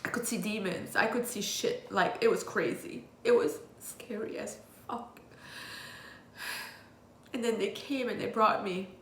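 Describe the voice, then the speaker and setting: A woman speaks in a confessional vlog, telling her own story plainly and bluntly and swearing freely. Her voice sits at an ordinary middle pitch. The room gives the sound a noticeable echo, with a faint hum of noise behind it. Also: unhurried, fairly bright tone. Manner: candid and raw, with blunt swearing. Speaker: vlogger. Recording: roomy echo.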